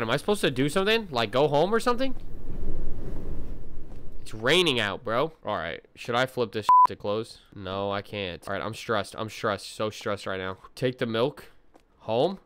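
Jumpy, bright-voiced man narrating a game. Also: medium pitch, a little hiss or hum. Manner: excitable, jumpy exclamations and slangy asides. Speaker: gaming video creator. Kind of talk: let's play commentary to chat.

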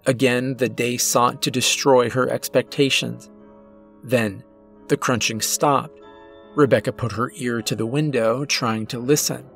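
A man narrating a horror story in a slow, deliberate, suspenseful way. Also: medium pitch, creaky. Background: faint background music.

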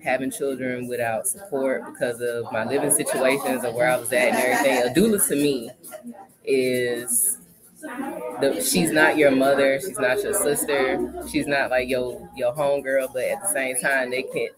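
A woman's voice: very deep voice, fairly even intonation, normal speed, rough recording. A woman, a doula and guest, talks earnestly and from the heart in a conversational interview. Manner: earnest, heartfelt, repeats herself. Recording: loud crowd chatter behind.

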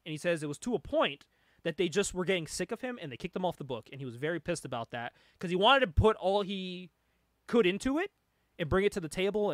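A man hosting a casual comic book chat, animated and laughing often as he reads panels aloud. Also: high-pitched, dry recording, studio quality. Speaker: podcast host.

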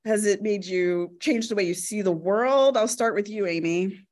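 A woman's voice: mid-range voice, moderate pace, darkish tone. A woman moderating a live panel, encouraging the guests and laughing easily as she asks her questions.

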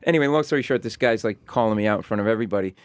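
A man appearing as a guest comedian, telling lively, profane anecdotes and acting out the voices of others in a radio chat. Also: fairly low pitch, rapid-fire, dry recording. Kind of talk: animated storytelling on a talk show.

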